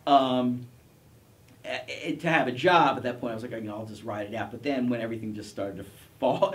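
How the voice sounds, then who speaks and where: Recorded from afar in a college TV studio, this middle-aged professor speaks on the low side. His relaxed interview about his career wanders, full of false starts and self-mocking laughs.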